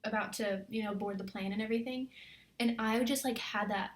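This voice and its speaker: A woman's voice: mid-range voice, fairly even intonation, fairly quick. Chatty young woman in an echoey room. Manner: chatty, filler-heavy, earnest and encouraging. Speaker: military spouse vlogger. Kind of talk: casual confessional vlog.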